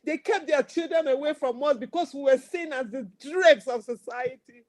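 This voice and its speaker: A woman's voice: sits high, moderate pace, a little mellow, no room sound. A Nigerian woman in her forties with a Nigerian accent, giving an impassioned speech at a fundraiser in fervent, repetitive bursts. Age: 40s. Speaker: speaker at a campaign fundraiser.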